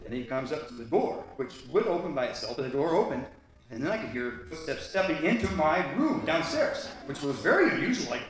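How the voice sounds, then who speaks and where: A man telling a personal story live on stage, animated and full of restarts. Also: a little high, a little fast, noisy background. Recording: echoey hall from far off.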